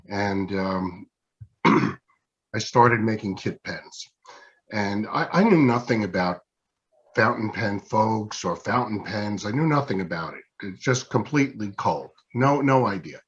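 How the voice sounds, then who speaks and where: A man's voice: lowish voice, a bit bright, slightly rough, dull audio. A man as an interview guest and pen maker, telling anecdotes in a casual, self-deprecating way and acting out what others said. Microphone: video call.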